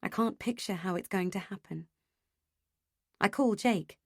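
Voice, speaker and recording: Woman reading an audiobook, expressive, middle pitch, dry studio sound. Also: unhurried, husky, dry recording. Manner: expressive, emotionally engaged reading. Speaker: audiobook narrator. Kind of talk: first-person audiobook narration.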